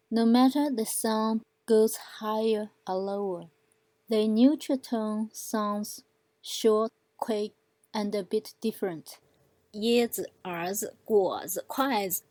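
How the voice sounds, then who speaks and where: A woman's voice: mid-range voice, darkish tone, no room sound. A woman teaching an online language lesson, patiently repeating example words for learners to copy.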